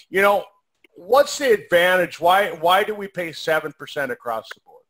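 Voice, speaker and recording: A man co-hosting a casual question-and-answer chat, talking in a relaxed, rambling way with many fillers and restarts. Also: a little high, normal speed. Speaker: co-host of a compensation plan Q&A. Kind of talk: casual conversational Q&A.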